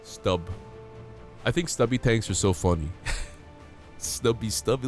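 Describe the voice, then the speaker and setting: A man streaming a game while sick with a cold, chatting in a playful, excitable way and coughing now and then. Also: fairly low pitch, slow, faint music behind. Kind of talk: casual live-stream gameplay chat.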